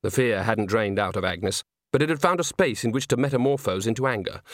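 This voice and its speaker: A man narrating a storybook in a wry, expressive reading voice. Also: on the low side, brisk, hardly any pauses, no room sound, clean studio sound. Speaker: audiobook narrator.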